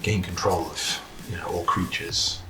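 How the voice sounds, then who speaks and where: A man's voice: low-pitched, fairly even intonation, a little slow. A man playing a card game at a board game cafe, chatting and commenting on the other players' moves. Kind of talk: casual game-table chat. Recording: roomy cafe with music behind.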